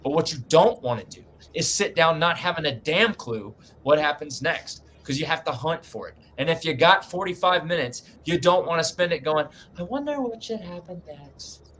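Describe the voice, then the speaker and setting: A man's voice: fairly high pitch, moderate pace, hardly any pauses, a bit bright, a little hiss or hum. A man giving writing advice in a casual group video chat, emphatic and folksy, often tagging lines with "man", speaking from his home writing room.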